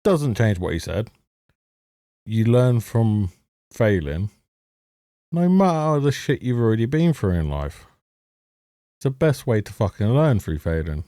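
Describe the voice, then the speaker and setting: Profane sarcastic man ranting, mellow low voice. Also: sing-song, measured pace, long pauses, dry recording, studio quality. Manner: sarcastic, heavily profane, mocking laughs. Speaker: TV reviewer. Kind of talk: ranting commentary over a show.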